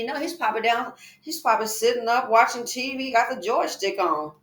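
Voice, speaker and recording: A woman's voice: on the high side, animated, normal speed, fairly bright tone. A woman giving reaction commentary, emphatic and indignant, with rhetorical questions. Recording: echoey room.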